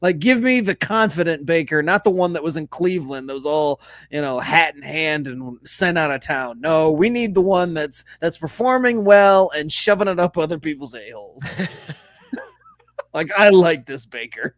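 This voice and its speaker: A man with a notably high voice chats about sports on a podcast, eager and swearing freely. He laughs often between points. The sound is dry and close, with no room echo. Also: lively intonation, normal speed. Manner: enthusiastic, profane, laughs often. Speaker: podcast co-host. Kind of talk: casual sports chat.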